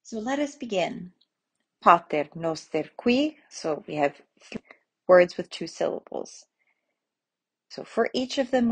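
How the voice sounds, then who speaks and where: A woman teaching pronunciation in a relaxed spoken lesson, patient and explaining step by step with examples. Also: fairly low pitch, breathy edge. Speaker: Latin teacher.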